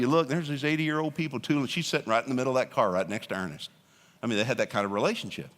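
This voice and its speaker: A man's voice: a little high, fairly bright tone. A middle-aged male pastor preaching a sermon in a church, conversational, joking, with stammered restarts. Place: church auditorium. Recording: long hall reverb.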